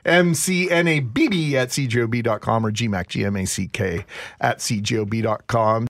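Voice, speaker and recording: A man's voice: mid-range voice, normal speed, gravelly, noisy background. A man hosting a morning radio show, telling stories in a joking way and reading out contact details. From Canada. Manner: jokey storyteller, reads out phone and email details. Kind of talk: casual morning radio chat.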